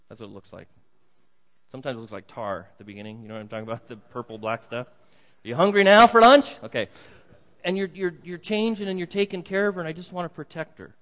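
Older guy preaching, loud then soft, big echoey church, kinda dull audio. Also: on the low side. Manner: lively, swings between loud dramatic reading and soft asides. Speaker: pastor. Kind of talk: sermon. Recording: dull sound in a big reverberant hall.

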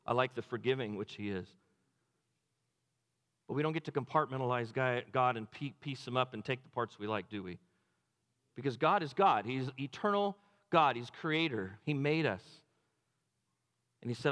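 A man's voice: medium pitch, lively intonation, moderate pace, long pauses, a bit bright, in a large hall. A male pastor preaches a sermon, retelling a story and asking the congregation rhetorical questions with repeated phrases.

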